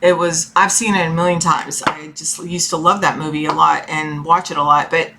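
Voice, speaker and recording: A woman's voice: deep voice, fairly even intonation, moderate pace, background noise. A woman giving a casual tarot reading from her room, talking in a rambling, chatty way and often checking in with "okay?". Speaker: tarot reader.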